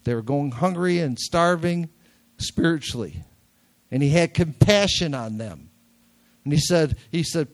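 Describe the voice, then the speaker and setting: An older man delivers a sermon in a nasal, slightly high voice. He keeps it conversational, with jokes, and hammers key words through repetition. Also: animated, a little slow. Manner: conversational, jokey, repeats key words for emphasis. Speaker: preacher. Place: church sanctuary.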